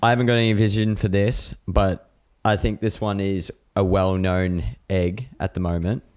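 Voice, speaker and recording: Male co-host, very low voice, blunt, swears freely. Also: little pitch movement, moderate pace, darkish tone, clear, resonant tone. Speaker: podcast co-host. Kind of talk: casual chat.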